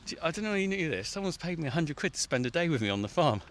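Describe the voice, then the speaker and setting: Chatty farmer, outdoors. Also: male voice, fairly high pitch, big pitch swings, racing, slight background noise. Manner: chatty, laughs often, puffing while digging. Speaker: farmer on a radio feature. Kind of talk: casual outdoor chat while working. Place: outdoors in a farm field.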